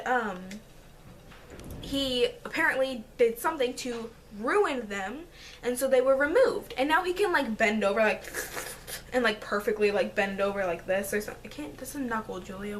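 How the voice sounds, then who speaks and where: A teenage girl chats to her camera from her bedroom, bubbly and quick to laugh as she acts out conversations. Her voice sits high and bright. A faint hum of the room runs underneath. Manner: energetic, animated, acts out quotes, giggly. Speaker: vlogger. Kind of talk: casual storytelling vlog. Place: bedroom at home.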